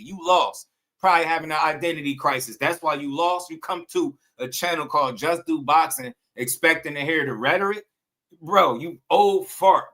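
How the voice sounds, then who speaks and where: A man's voice: a little high, fairly bright tone. A man hosting a boxing livestream, ranting at a viewer in the chat in a heated, mocking and repetitive way. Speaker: boxing streamer host.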